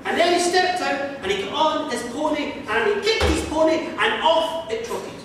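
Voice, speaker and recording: A man's voice: very high voice, animated, normal speed, background noise. A man telling an old folk tale in a lilting, rhythmic way, recorded with a distant mic in a museum hall. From Ireland. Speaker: storyteller. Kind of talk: live folk storytelling. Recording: echoey hall from far off.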